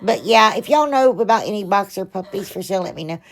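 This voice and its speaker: A chatty woman hosting a homemade craft vlog and talking straight to her viewers. She rambles from project to project, pokes fun at her own slip-ups and pleads warmly for subscribers. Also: medium pitch, lively intonation, fast. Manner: self-deprecating, laughs at her own mistakes. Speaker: craft channel host. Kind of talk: casual DIY crafting vlog.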